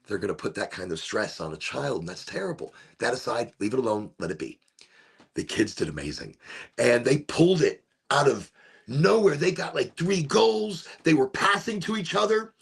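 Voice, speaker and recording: Very raspy, gravelly man telling a story. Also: a little high. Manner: rambling storytelling with frequent laughs. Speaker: podcast host and youth soccer coach. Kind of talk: casual chat.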